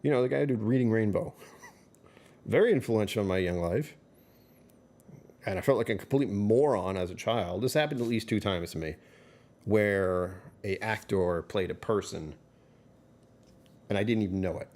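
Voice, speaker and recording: A man's voice: lowish voice, normal speed, long pauses, a little mellow. A middle-aged man streaming live, rambling through casual chat with his viewers and chuckling often. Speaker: livestreamer.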